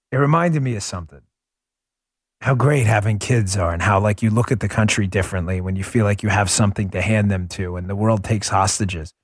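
A man's voice: on the low side, breathy edge, dry recording, clean studio sound. A man in his forties hosting a podcast, telling stories in a casual, conversational monologue with many restarts. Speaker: podcast host.

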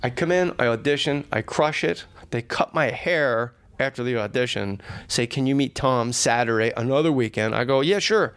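A middle-aged man with a gravelly, rough-edged voice tells anecdotes in relaxed chat. He keeps a medium pitch and acts out the people in his stories as he goes. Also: moderate pace, hardly any pauses, no echo. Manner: animated anecdotes, acting out quoted voices. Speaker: podcast guest. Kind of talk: casual storytelling.

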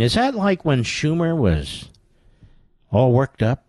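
A man's voice: medium pitch, wildly swooping pitch, takes it slowly, a little mellow, no room sound. Sarcastic, combative talk radio man. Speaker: radio talk show host. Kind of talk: political talk radio commentary.

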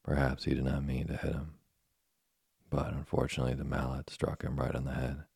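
A man with a husky, gravelly voice giving measured, scripted narration of a storybook. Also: a bass voice, monotone, darkish tone, no echo, studio quality. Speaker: audiobook narrator.

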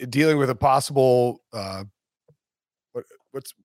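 A man hosting a sports podcast in casual chat, animated and joking. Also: mid-range voice, no echo, studio quality. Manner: animated, joking, quick restarts. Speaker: podcast host.

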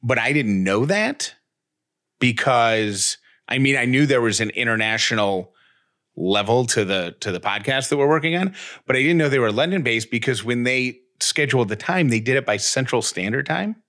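A man's voice: mid-range voice, animated, moderate pace, fairly bright tone. A man co-hosting a podcast, telling a story in casual chat, rambling and poking fun at himself, with many restarts. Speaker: podcast co-host.

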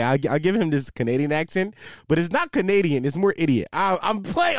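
A man's voice: on the high side, a little fast, no echo, studio quality. A young man hosting a casual solo podcast, talking in a profane, rambling way and losing his train of thought. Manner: profane, rambling, loses track, animated storyteller. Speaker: podcast host.

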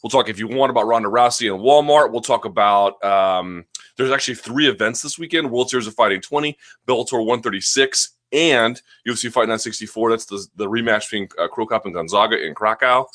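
A man's voice: medium pitch, sharp tone. A man hosting a casual live chat from home, rambling, self-deprecating and often restarting his sentences. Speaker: host of a live chat show. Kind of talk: casual live-stream chat answering viewer questions.

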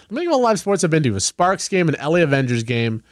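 Fast-talking man, casual sports chat. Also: fairly high pitch, big pitch swings, no room sound, clean studio sound. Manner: chatty storyteller, acts out his own quotes.

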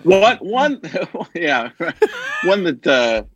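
A man's voice: high voice, extremely slow, highs cut off, a little hiss or hum. A male comedian guest chatting casually on a talk show, telling stories, laughing often and slipping into voices. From based in Arizona. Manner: animated storyteller, slips into voices and laughs often.

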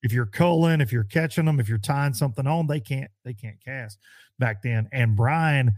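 A man chatting on a podcast, telling a fishing story with lively acted-out quotes. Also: normal speed, dry recording, studio quality. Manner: animated storyteller, acts out quotes in a high voice. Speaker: pro bass angler. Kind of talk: casual podcast chat.

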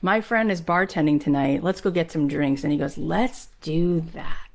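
A woman giving a motivational talk, telling a story with lively acted-out quotes. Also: low voice, a little fast. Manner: animated, acts out quoted lines. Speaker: speaker on manifesting.

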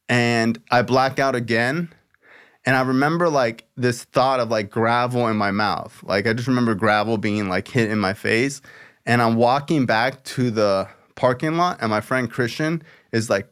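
A male podcast host with a voice of ordinary, middling pitch. He tells his story in a loose, casual way, swearing freely and leaning on "like" between phrases. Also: moderate pace, a bit bright, clear, resonant tone. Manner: loose, profane, filler-heavy with lots of "like".

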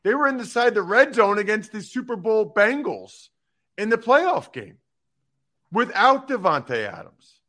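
High-pitched and unhurried, this sports talk show host delivers animated, emphatic views on football news and pokes fun at his co-host.

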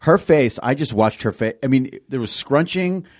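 A man's voice: mid-range voice, animated, moderate pace, no room sound, studio quality. A man guest in casual comedic podcast chat, riffing jokes and laughing while talking.

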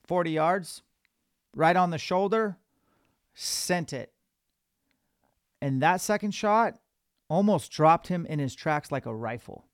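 A man hosting a podcast, telling a hunting story in an animated, casual way. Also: a little high, unhurried, dry recording, clean studio sound. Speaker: podcast host.

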